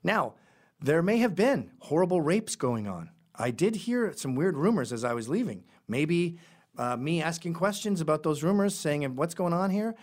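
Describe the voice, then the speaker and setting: A middle-aged man hosting a show, talking in a blunt, sarcastic and rambling way. His pitch swings widely, which keeps the monologue lively. His voice sits at an ordinary male pitch. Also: breathy edge. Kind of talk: opinionated monologue.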